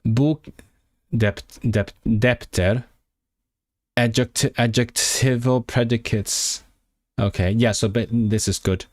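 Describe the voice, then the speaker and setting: A young man chats with viewers on a live stream while studying a language, frequently restarting as he sounds out foreign words. He speaks slowly in a mid-range voice with fairly even intonation and long pauses, and the audio is clean studio sound with no echo.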